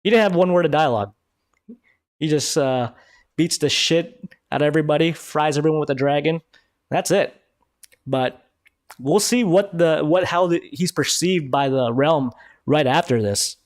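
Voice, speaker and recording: Excitable swearing man reviewing a show. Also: a little high, normal speed, pauses often, dry recording, studio quality. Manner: excited, swears freely, frequent restarts. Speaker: live-stream host reviewing a TV episode. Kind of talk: casual live-stream commentary.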